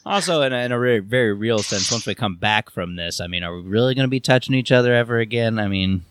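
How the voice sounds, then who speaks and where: A man's voice: lowish voice, expressive, quick pace, clear, resonant tone. A man co-hosting a casual podcast chat from home, full of sarcastic, crude jokes. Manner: joking, sarcastic, crude wisecracks. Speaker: podcast co-host. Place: home, recording remotely.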